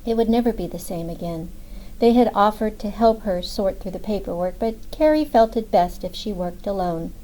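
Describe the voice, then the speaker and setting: Mellow-voiced woman audiobook narrator. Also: medium pitch, normal speed, rough recording.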